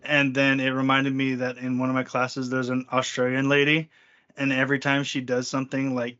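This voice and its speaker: A man's voice: medium pitch, monotone, normal speed, pushed and bright, dull audio. A man co-hosting a podcast in casual chat, joking and bantering playfully. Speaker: podcast co-host.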